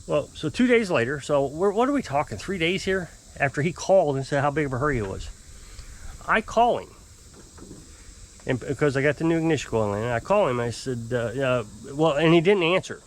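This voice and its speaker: A man telling a long, exasperated story to camera in a rambling, casual way. He mimics his customers in high, put-on voices. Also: lively intonation, a little fast. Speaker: off-grid homesteader fixing small engines.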